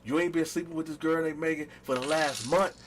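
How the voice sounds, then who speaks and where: A man's voice: fairly high pitch, steady tone, fairly quick, a little hiss or hum, voice pushed down, natural voice. A man voicing his upset young girlfriend, who is firing pointed, accusing questions at him. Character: upset young woman accusing her cheating boyfriend.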